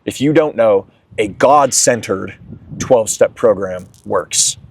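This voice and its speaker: A man's voice: on the low side, slow, slight background noise. A young man sharing his recovery story in a candid, emotional way as an interview guest. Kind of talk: candid testimony.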